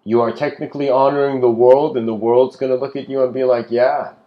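A man's voice: medium pitch, flat delivery, quick pace, lo-fi sound. A man giving an improvised spiritual lecture, rambling with frequent restarts and casual asides. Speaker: spiritual speaker.

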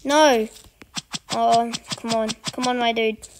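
A woman giving casual, excitable commentary while playing an online game, chatty and eager. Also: a little high, slow, background noise. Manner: chatty and excitable, urging opponents on. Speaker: gaming channel host.

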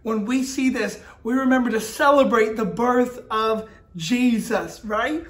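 A man's voice: very high voice, a little slow, fairly bright tone. A man leading a children's church Bible lesson, talking directly to the kids and walking them through a craft as he tells the story. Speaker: children's ministry teacher.

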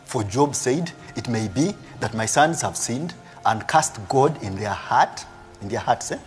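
A man's voice: mid-range voice, a little slow, soft background music. A man preaching a live sermon as a prophet, reading scripture aloud and explaining it, often ending lines with "eh?" and laughing. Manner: animated preaching with frequent "eh?" tags and laughs.

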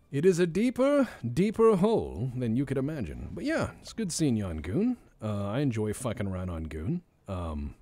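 A man's voice: medium pitch, warm tone. A man streaming a video game, giving casual, joking commentary and talking to himself as he plays. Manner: joking, rambling, talks to himself.

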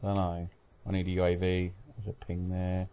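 A man's voice: sits low, completely flat delivery, fairly quick, dark tone, slight background noise. A young British man commentating his own gameplay, swearing constantly and raging at other players. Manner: swears constantly, rages at teammates and enemies. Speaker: gaming commentator.

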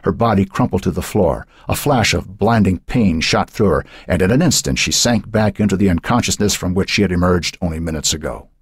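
A man narrating a horror novel in a measured, dramatic way. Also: low voice, breathy edge, no room sound, clean studio sound. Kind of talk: audiobook narration.

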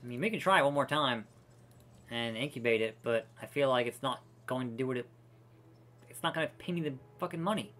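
A man's voice: mid-range voice, expressive, a little fast, a bit bright. A man streaming a park-building game, ranting profanely and exasperated with many restarts. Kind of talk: casual gameplay commentary.

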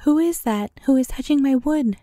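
A woman's voice: high voice, normal speed, dark tone, no room sound, close to an everyday voice. A woman voicing a hostile three-headed male troll in a storybook reading.

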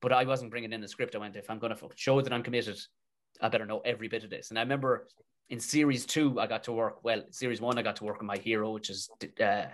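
Irish man, Tipperary accent, comedian guest; animated, sweary storyteller. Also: fairly low pitch, quick pace. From Tipperary, Ireland. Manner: animated, swears freely, colloquial. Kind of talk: casual storytelling in a podcast interview.

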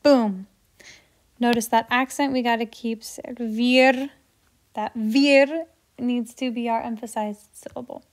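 A woman's voice: fairly high pitch, fairly even intonation, takes it slowly. A woman teaching Spanish grammar in a chatty, playful way, with little asides while she works through examples. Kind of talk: explaining grammar while writing on a board.

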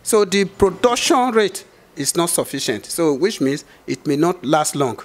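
A man's voice: a little high, big pitch swings, a little slow. A man explaining prices in an interview, hesitant with many fillers. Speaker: cement trade guest.

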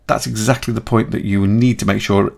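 A man talking through a software tutorial in a chatty way, thinking aloud and correcting himself as he goes. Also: on the low side, level tone, brisk, vocal fry. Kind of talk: screen-recorded software tutorial.

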